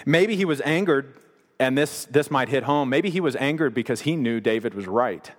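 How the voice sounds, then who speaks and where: A man's voice: medium pitch, lively intonation, moderate pace. A man preaching a sermon, retelling scripture in a conversational way with paraphrased asides. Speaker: pastor. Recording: long reverb of a large hall.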